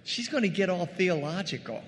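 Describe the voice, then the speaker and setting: A male pastor delivering a conversational, animated sermon, calling his congregation "gang" and acting out scripture scenes. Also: high-pitched, moderate pace, long reverb tail. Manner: addresses the congregation as "gang" and "guys".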